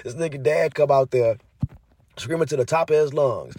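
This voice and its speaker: Fired-up man ranting, raised pitch. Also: normal speed, warm tone, breathy edge. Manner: heavy cursing, fired up, repetitive. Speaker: commentator. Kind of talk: heated casual rant to viewers.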